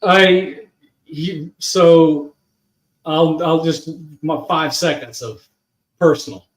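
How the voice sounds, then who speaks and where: A man's voice: on the high side, slow pace. An older man recounting his career in casual conversation, matter-of-fact and dry. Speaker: podcast guest. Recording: roomy echo.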